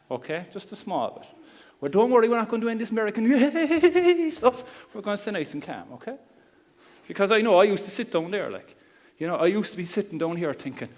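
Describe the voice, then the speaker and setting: A middle-aged man with a Cork Irish accent rattles through a live seminar talk, joking and blunt. His voice sits a little high for a man. It rings with the long reverb of a big hall. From Ireland. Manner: chatty, joking, blunt slang. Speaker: seminar speaker.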